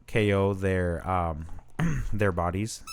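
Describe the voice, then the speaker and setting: A man's voice: sits low, expressive, drawn-out words, creaky, slight background noise. A man hosting his channel, casually commenting on his own card game match and thinking aloud with fillers and self-corrections.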